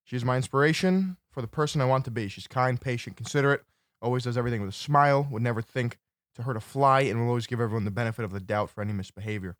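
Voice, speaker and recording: A man's voice: mid-range voice, very fast, no echo. A man co-hosting a podcast, joking in laid-back banter and reading a listener's letter aloud, close to the mic. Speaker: podcast co-host.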